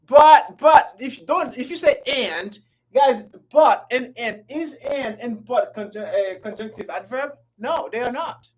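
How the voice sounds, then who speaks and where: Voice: medium pitch, lively intonation, poor audio. An English teacher giving a live online grammar lesson, repeating phrases and calling out to viewers by name. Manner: repetitive, drawn-out, talks to viewers by name.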